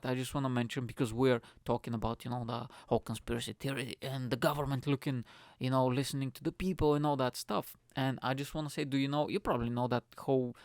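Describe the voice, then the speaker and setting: Young male podcast host, solo rant; smooth, resonant voice, dry close mic, loose and profane delivery. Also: medium pitch, no room sound. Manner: rambling, profane, animated storytelling. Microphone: studio microphone.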